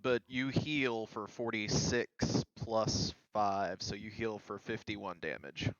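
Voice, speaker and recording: A woman's voice: a bass voice, slow pace, highs cut off. A woman playing a tabletop game, chattily announcing healing rolls and spells.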